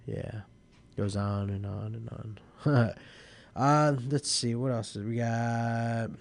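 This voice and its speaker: A man's voice: medium pitch, fairly even intonation, slow, vocal fry. A young man hosting a live internet radio show, tired and yawning as he rambles casually through band lists and news. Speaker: host.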